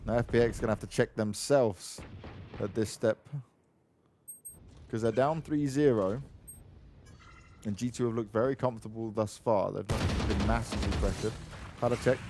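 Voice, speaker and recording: A man casting an esports match, giving play-by-play commentary with excitable, joking banter alongside his co-caster. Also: lowish voice, normal speed, pauses often. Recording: noisy game sound behind voice.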